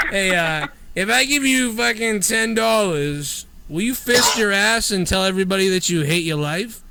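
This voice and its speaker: A man's voice: high voice, animated, unhurried, vocal fry, background noise. A man hosting a live call-in stream, rambling through crude, profane jokes in casual banter. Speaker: live stream show host.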